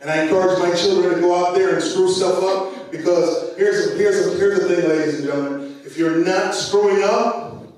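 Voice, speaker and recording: A man's voice: sits high, fairly even intonation, moderate pace, recorded from a distance. Jamaican man speaking in an echoey hall. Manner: conversational and warm-hearted, frequent fillers and repeated words. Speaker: conference speaker. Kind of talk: motivational speech. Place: large conference hall.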